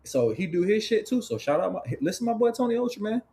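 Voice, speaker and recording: Man from Florida, podcast guest, upbeat, repeats himself, a bit high-pitched. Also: very animated, fast. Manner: upbeat, gives shout-outs, repeats phrases. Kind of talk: casual podcast chat.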